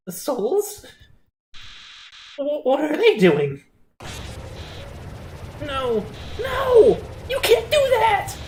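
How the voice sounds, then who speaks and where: A woman's voice: roomy sound, a little hiss or hum, full character voice. A woman voicing a gloating, taunting evil male flower who calls himself a god. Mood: panicked. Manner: taunting, shrill and manic.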